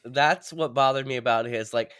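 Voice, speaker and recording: A man's voice: medium pitch, normal speed, fairly bright tone, smooth, no echo. A man co-hosting a podcast, recapping a movie plot in casual, blunt, profane chat. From New England. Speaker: podcast co-host.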